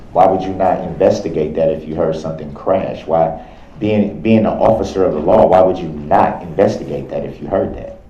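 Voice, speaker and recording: A man with a very low, dark voice questions a witness in a courtroom cross-examination. He speaks haltingly, repeating himself and restarting his phrases. The sound is dull and lo-fi, with a roomy courtroom echo. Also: a little hiss or hum. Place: large courtroom.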